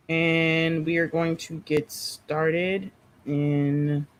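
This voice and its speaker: A woman hosting a writing-sprint livestream, talking casually with a low, somewhat monotone voice and playfully dramatic banter. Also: slight background noise, poor audio. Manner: playfully dramatic, teasing banter with chat and partner.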